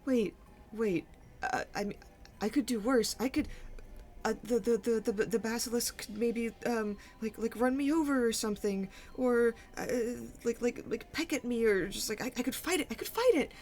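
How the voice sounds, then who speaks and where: A woman voicing a timid male deep gnome animal handler, tearful, stammering and pleading in a raised voice. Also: little pitch movement, takes it slowly, soft background music. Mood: panicked pleading. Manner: pleading, stammering, higher and louder.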